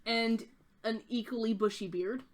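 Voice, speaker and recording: A woman's voice: a little high, fairly even intonation, normal speed, noisy background. A woman narrating a tabletop game as game master, descriptive and full of "uh" fillers.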